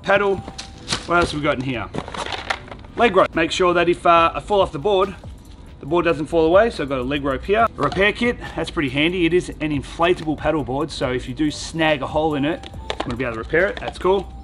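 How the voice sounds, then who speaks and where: Young male vlogger, upbeat and chatty gear-review delivery, high voice, music bed underneath. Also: lively intonation, a little fast. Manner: upbeat, chatty, thinks aloud while unpacking. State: out of breath after pumping. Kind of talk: casual product review vlog.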